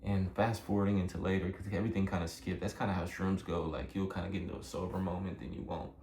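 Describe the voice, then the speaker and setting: Deep-voiced young man, rambling earnestly. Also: fairly even intonation, quick pace, darkish tone. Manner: rambling, filler-heavy, earnest, emotional. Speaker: vlogger telling a personal story. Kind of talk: casual storytelling. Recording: echoey room with faint background noise.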